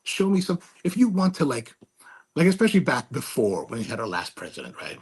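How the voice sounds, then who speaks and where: A man's voice: medium pitch, sing-song, a little fast, slightly rough. A man hosting his own show, telling a rambling, snarky story with many restarts. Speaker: host. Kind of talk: casual monologue.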